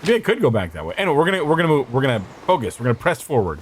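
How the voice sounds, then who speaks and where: A man's voice: mid-range voice, sing-song, very fast, a little hiss or hum. Chatty, swearing male game streamer. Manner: chatty and swears often, with frequent laughs and self-talk. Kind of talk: casual gameplay commentary.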